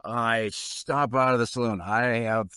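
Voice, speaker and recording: Guy player, slow and deliberate, says what his character does, dry close sound. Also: medium pitch, steady tone, pushed and bright, clean tone, no room sound. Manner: deliberate, first-person action narration. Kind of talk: describing his character's actions.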